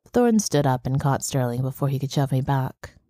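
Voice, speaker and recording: Very low-voiced woman narrating an audiobook. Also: lively intonation, normal speed, dark tone, no room sound, studio quality. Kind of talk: scripted narration.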